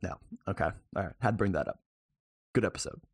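A man's voice: sits low, fast talker, breathy edge, dry recording. A man co-hosting a podcast who leads the questions in a joking, casual way. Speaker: podcast co-host. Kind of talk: casual chat.

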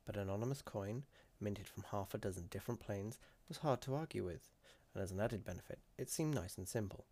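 A man narrating a fantasy story in a measured, deliberate way with dramatic emphasis. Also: lowish voice, warm tone, husky.

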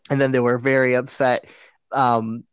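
A man's voice: medium pitch, flat delivery, moderate pace, clean tone, dry recording. A man chatting as a guest on a podcast, hesitant and full of fillers, often laughing as he recalls things. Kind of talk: casual chat.

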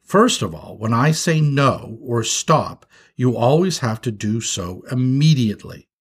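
A man's voice: mid-range voice, animated, measured pace, slightly rough. A man voicing a young male skunk, a patient big brother who turns frantic when his little brother strays, in a storybook reading. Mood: gentle, instructive.

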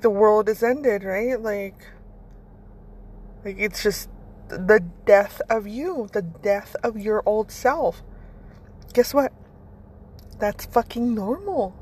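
A woman's voice: mid-range voice, slow pace, a little mellow, slightly rough. A woman hosting a casual motivational monologue, blunt and rambling, swearing freely as she talks. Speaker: podcast host.

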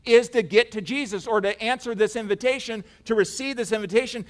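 A man preaching a sermon, repeating words and swinging between emphatic declarations and quiet, hushed passages. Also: sits high, a little fast, hardly any pauses.

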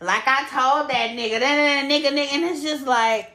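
Animated high-voiced woman telling a story. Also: moderate pace. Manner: animated, profane storytelling with acted quotes. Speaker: podcast co-host. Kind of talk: casual storytelling chat. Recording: echoey room.

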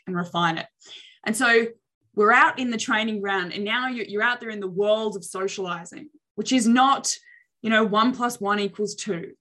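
Using a mid-range voice, a young woman gives an energetic motivational talk on social skills, playing out reactions with over-the-top expressions.

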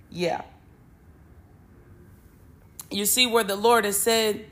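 A woman's voice: mid-range voice, fairly even intonation, takes it slowly, long pauses, a bit bright. A woman, reading Bible verses and talking emotionally and informally, swearing freely, on her spiritual podcast.

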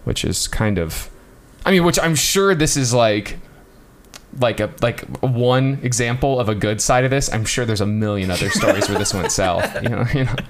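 A man bantering and joking on a podcast, laughing often and reacting with quick asides. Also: mid-range voice, slight background noise. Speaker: podcast co-host. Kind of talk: casual banter.

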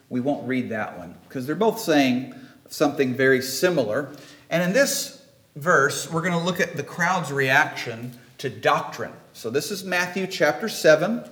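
A man's voice: mid-range voice, a bit bright. A man preaching a sermon in a church, talking conversationally and checking in with the congregation. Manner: conversational, emphatic, asks the audience questions. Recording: roomy church echo.

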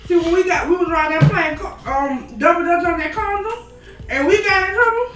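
A high-pitched woman tells animated, laughing anecdotes in casual conversation. She is a little distant from the mic, and the room is echoey. Faint music sits underneath. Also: brisk. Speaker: podcast co-host. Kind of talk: casual chat.

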